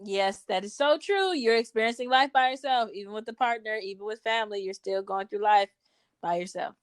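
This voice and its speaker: A woman's voice: medium pitch, a little fast, smooth. A woman co-hosting a casual podcast, talking in a blunt, playful way and swearing casually. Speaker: podcast co-host. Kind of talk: casual chat.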